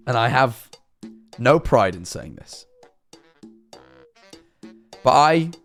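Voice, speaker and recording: A young man streaming, telling an embarrassing story in a rambling, self-deprecating way, his throat sore. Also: medium pitch. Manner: rambling, self-deprecating, frequent restarts and "all right?". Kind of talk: casual storytelling to chat.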